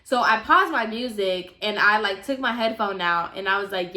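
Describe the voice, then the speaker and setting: Bright, chatty young woman telling a story. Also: medium pitch, normal speed, few pauses. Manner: chatty, animated, fillers like "mind you". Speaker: vlogger. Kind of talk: casual storytime.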